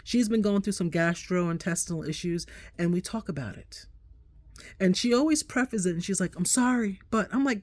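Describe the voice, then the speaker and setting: A middle-aged woman vlogging, telling a story in a chatty, animated way and acting out what people said. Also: mid-range voice, normal speed, no room sound. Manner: animated, chatty, acts out quotes. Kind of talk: casual storytelling to camera.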